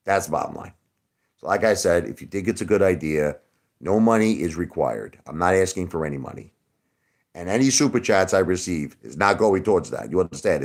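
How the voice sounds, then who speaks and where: A man hosting a casual livestream, ranting to his viewers in a swaggering, profane way, jumping between loud outbursts and low mutters. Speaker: YouTube livestream host.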